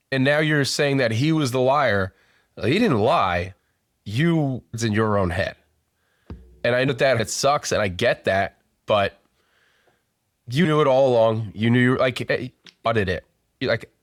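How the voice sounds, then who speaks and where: A man hosting a casual sales podcast talks in loose, rambling runs full of restarts and fillers. His pitch sits in the middle for a man. The sound is dry and close, with no room around it. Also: no echo. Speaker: podcast host and sales coach. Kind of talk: casual conversational interview.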